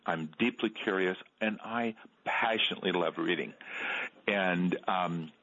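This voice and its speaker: A middle-aged man, an author guest on a radio interview, telling stories in an earnest, halting way and repeating words. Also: deep voice, a bit bright. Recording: dull lo-fi radio sound.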